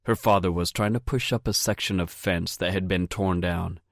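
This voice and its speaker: A man narrating an audiobook in a steady, measured reading. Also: deep voice, vocal fry, no room sound, clean studio sound. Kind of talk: scripted narration.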